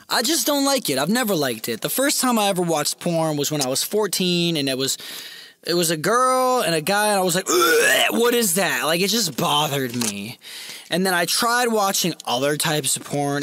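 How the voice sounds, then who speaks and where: A man telling a crude comic story on a livestream in a brash, animated way. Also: on the high side, a little hiss or hum.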